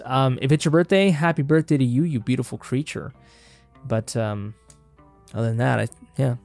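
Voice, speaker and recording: A young man hosting a casual film analysis vlog, talking in an animated, rambling way and swearing casually. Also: mid-range voice, vocal fry. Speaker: film reaction host.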